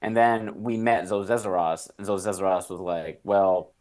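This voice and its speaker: Low-voiced man explaining eagerly. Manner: fast, animated explaining with many fillers. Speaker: podcast guest, tabletop game player. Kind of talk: casual chat about a tabletop game.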